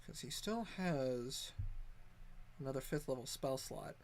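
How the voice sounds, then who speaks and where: A man's voice: mid-range voice, animated, measured pace, a little hiss or hum. A man running a tabletop game as game master over voice chat, rambling with many fillers and restarts. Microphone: online voice chat.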